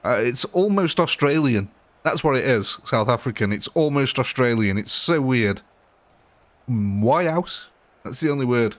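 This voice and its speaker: A man's voice: medium pitch, animated, normal speed, no room sound. A man hosting a live gaming stream, blunt and joking, laughing often. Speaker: gaming livestream host. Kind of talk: casual live commentary.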